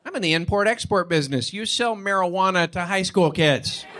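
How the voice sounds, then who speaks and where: A young man works a comedy club stage, acting out voices as he tells his stories. His voice sits high for a man. The live recording is noisy. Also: brisk. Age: young adult. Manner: animated storytelling, acting out voices. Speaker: stand-up comedian. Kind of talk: live stand-up routine.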